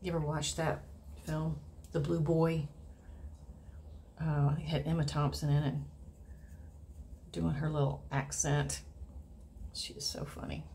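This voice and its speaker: A woman giving a casual watercolor painting tutorial, chatting and thinking aloud, and often dropping into soft murmurs as she paints. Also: sits low, level tone, unhurried, long pauses, slight background noise. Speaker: watercolor instructor.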